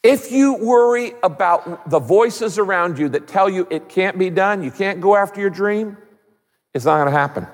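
A man preaching a sermon as a pastor, conversational and animated, with humor. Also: high voice, normal speed, long reverb tail.

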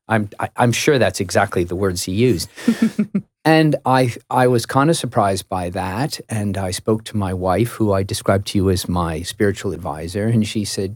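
A middle-aged American man, a radio interview guest, telling a story in a lively, self-mocking way with stammered restarts. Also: lowish voice, normal speed, no room sound, clean studio sound. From United States.

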